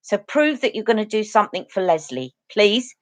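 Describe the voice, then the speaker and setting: A woman's voice: mid-range voice, sing-song, moderate pace, no echo. Chatty woman on a live stream. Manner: chatty, earnest, talks to viewers directly. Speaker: beauty channel host. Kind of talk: casual live-stream chat.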